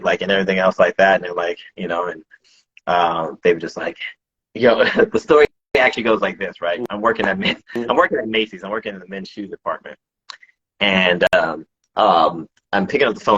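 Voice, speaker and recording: A man's voice: sits low, fast, a bit bright, slightly rough, lo-fi sound. A man, a breakdancer, chatting casually in an interview, rambling with lots of restarts and slang. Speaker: breakdancer guest.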